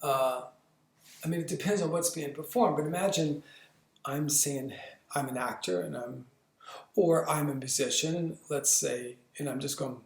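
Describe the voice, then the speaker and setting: A man teaching a lesson, explaining and acting out sounds and movements with frequent stammering restarts and animated emphasis. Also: fairly high pitch, unhurried, vocal fry, echoey room. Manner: demonstrative, acts out sounds and movements. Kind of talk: instructional lesson.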